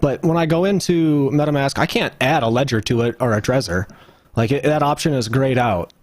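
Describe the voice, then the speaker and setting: A man's voice: medium pitch, brisk, no room sound. A man co-hosting a casual roundtable chat, musing aloud with many fillers. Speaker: podcast co-host.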